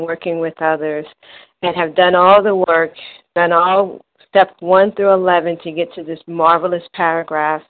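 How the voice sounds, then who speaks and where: A woman from New Jersey giving an emphatic share at a recovery meeting. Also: fairly low pitch. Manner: emphatic, warmly stressing words. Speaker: meeting member sharing. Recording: phone-line audio.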